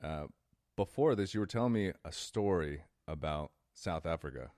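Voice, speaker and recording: A man's voice: sits low, expressive, normal speed, darkish tone, no room sound. A man with a Texan accent hosting a podcast and interviewing a guest in an upbeat, enthusiastic way. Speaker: podcast host. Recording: dry, close mic.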